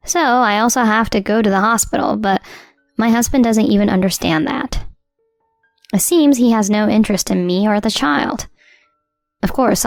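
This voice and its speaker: A woman tells a scripted first-person story in an even, measured voice. The recording is dry and close. Soft music runs underneath. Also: medium pitch, no echo. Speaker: narrator.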